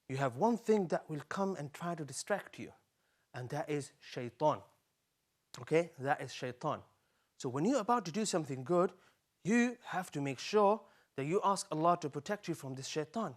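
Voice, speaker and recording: Male kids' teacher, slightly high voice, animated and coaxing, repeats words for young learners. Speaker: Quran teacher. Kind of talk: live children's lesson.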